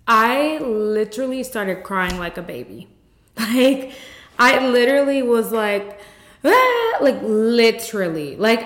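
A woman's voice: mid-range voice, fairly bright tone. A woman hosting her own podcast, telling her personal story with candid emotion and speaking straight to her listeners. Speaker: podcast host. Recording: echoey room.

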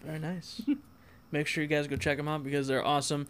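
A man hosts a loose, joking podcast conversation and keeps breaking into laughter. His voice sits a little high for a man. He reads out short listener stories between the banter. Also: fairly even intonation, a little fast, a bit bright. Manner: laughs a lot, reads listener posts aloud. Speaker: podcast host. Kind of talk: casual chat.

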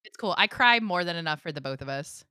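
A woman's voice: fairly low pitch, expressive, pushed and bright, clean tone, no echo, studio quality. A woman hosting a live-streamed podcast, chatting casually in a bubbly, talkative way. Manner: bubbly, chatty, quick to laugh. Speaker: podcast host.

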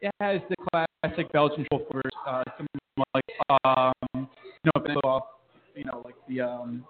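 A man's voice: medium pitch, unhurried, background noise. A man who works at a brewery, casually explaining its beers with many hesitant fillers. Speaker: brewery staff member. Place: brewery bar. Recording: tinny phone-like sound.

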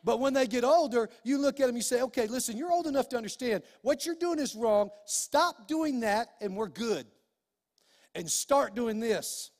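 A man's voice: very high-pitched, normal speed, darkish tone, in a large hall. A middle-aged male pastor preaching a sermon in a folksy, emphatic way, full of restarts and quoted asides.

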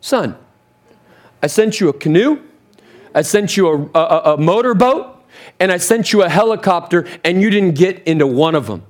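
A pastor plays God as a laid-back, friendly guy, relaxed and easygoing, patiently pointing out what was missed. The voice stays close to his own. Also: high-pitched, normal speed. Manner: casual and relaxed.

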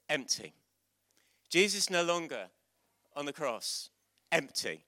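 A man preaching an Easter sermon to a church, questioning children and calling out loud exclamations. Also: on the high side, unhurried, long pauses, no room sound. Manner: lively, interactive, bursts into loud exclamations.

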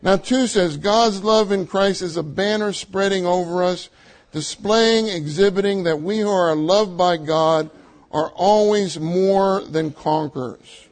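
A man's voice: sits high, measured pace, poor audio. An older man preaching a sermon to a meeting, emphatic, repeating his key phrases and laughing lightly between points.

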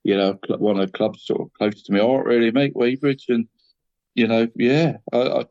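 A man's voice: mid-range voice, normal speed, a little mellow, dry recording, dull audio. Rambling middle-aged man. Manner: rambling, says mate after every phrase. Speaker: co-host of a football show. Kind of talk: casual football chat.

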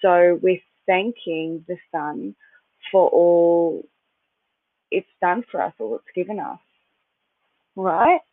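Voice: medium pitch, lively intonation, takes it slowly, pauses often, no echo. Rambling chatty host on a tinny line. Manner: rambling, chatty, loses track and restarts; occasional swearing. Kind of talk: casual spiritual talk. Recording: dry, tinny phone-like sound.

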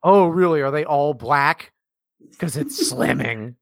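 A man's voice: on the high side, animated, takes it slowly, creaky. A man co-hosting a podcast, talking in casual, profane, mocking banter. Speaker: podcast co-host.

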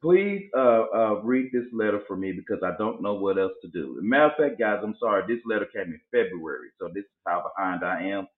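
The host of a casual chat show speaks in a fairly low, animated voice, a little fast and with hardly any pauses, acting out other people's voices as he tells stories. Audio is tinny and phone-like, recorded in an echoey room.

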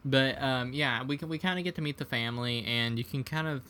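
A man's voice: mid-range voice, a little fast, bright, forceful tone. A man in casual conversation, retelling movie scenes in a laid-back way. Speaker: podcast co-host. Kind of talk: casual film discussion.

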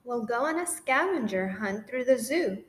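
A woman reading a rhyming children's picture book aloud in an expressive, sing-song way. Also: a little high, moderate pace. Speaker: storybook reader. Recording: roomy echo with faint noise.

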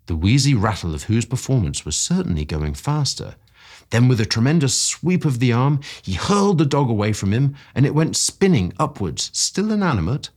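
A man narrating a classic story for a podcast in a low, husky voice. His reading is expressive and climbs with excitement. His pitch moves around a great deal.

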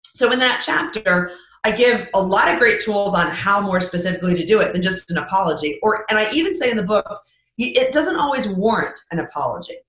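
A bright, forceful woman speaking as a guest on a podcast. She talks with lively emphasis and slips into little acted-out exchanges to make her points. Her voice rings in a roomy space. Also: mid-range voice, brisk. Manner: animated, emphatic, acts out example dialogue. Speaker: author and guest. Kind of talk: podcast interview.

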